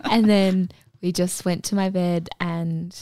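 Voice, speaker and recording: A woman's voice: lowish voice, fairly even intonation, slow, warm tone, no echo, clean studio sound. A young woman, co-hosting a podcast and telling candid, crude stories with lots of giggles. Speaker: podcast co-host. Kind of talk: casual chat.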